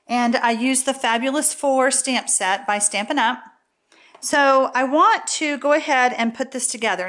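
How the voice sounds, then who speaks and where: A woman's voice: on the high side, a bit bright. A woman demonstrating a paper craft in a casual, chatty tutorial, often checking in with "okay?". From Texas.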